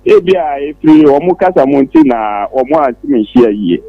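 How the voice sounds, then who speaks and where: A man calling in to a radio show, speaking haltingly with many pauses. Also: mid-range voice, lively intonation, gravelly, no echo. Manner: hesitant, halting with fillers. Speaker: caller. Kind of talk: phone-in opinion. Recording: muffled phone line.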